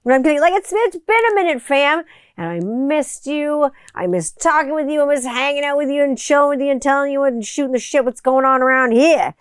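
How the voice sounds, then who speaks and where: A woman's voice: high-pitched, lively intonation, fairly quick, no echo, studio quality. A middle-aged woman hosting a podcast in loose, rambling chat, swearing freely and cutting herself off mid-thought. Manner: exuberant, profane, rambling, self-interrupting. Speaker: podcast host. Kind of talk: casual solo podcast chat.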